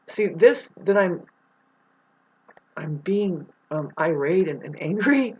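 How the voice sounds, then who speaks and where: A woman's voice: fairly low pitch, lively intonation, slow pace, pauses often, breathy edge. A woman vlogging a rambling spiritual monologue, swearing freely and growing irate as she talks. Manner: profane, grows irate and loud. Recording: dull lo-fi recording.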